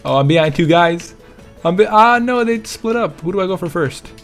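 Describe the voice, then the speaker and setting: A young man talks over his gameplay in a loose, joking way, cracking himself up and teasing other players. His pitch swings a lot as he reacts. Faint background music sits under his voice. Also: moderate pace. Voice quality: animated, laughs a lot, playful teasing. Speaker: gaming YouTuber. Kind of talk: casual gameplay commentary.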